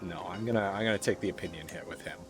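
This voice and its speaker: A man's voice: sits low, rapid-fire, over music. A man streaming a strategy game live, reading its event text aloud and dropping wry asides to his chat. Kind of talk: live gameplay commentary.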